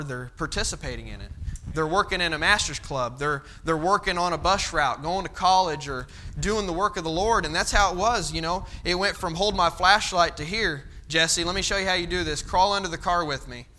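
A young man with a fairly high, bright, pushed voice delivers a folksy sermon, with a little hiss or hum in the recording. He tells stories and acts out his father's stern voice.

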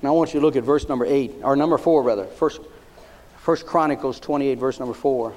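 A male pastor preaching a sermon, repeating phrases emphatically and rising into loud declarations. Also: medium pitch, brisk.

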